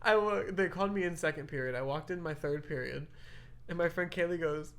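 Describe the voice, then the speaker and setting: A young woman co-hosting a podcast, telling stories in a casual, animated way, laughing often and acting out what people said. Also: low voice, fairly quick. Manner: animated, giggly, acts out quoted voices. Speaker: podcast co-host. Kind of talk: casual storytelling chat.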